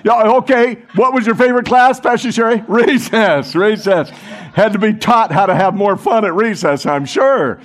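A man preaching a sermon to a congregation, animated, talking with the room and acting out the quoted voices. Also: sits high, normal speed, hardly any pauses. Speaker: pastor.

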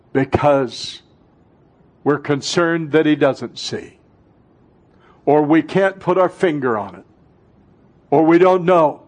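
A pastor in his sixties delivers an impassioned sermon in a church, his voice sitting a little higher than most men's. He takes his time, with long deliberate pauses. He surges into fervent peaks, then drops to a near hush. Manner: impassioned, swinging from fervent outbursts to hushed intimacy. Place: church before a congregation.

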